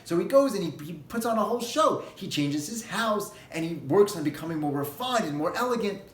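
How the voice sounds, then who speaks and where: A high-voiced male rabbi preaching a holiday sermon, telling a parable with animated storytelling energy. His voice rings in an echoey room. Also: fast, few pauses.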